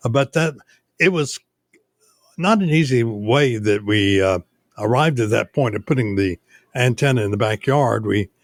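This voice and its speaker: Brief: older man, radio station owner, unhurried storyteller, mid-pitch, dry recording. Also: gravelly, dry recording. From United States. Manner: unhurried storytelling, many "uh" pauses. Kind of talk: casual interview chat.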